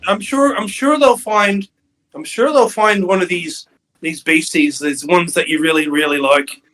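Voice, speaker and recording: A man's voice: high-pitched, measured pace, bright, forceful tone, poor audio. A man playing a wheedling male pastor who poses as a grieving father, pleading and sugary in a raised voice. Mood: coaxing.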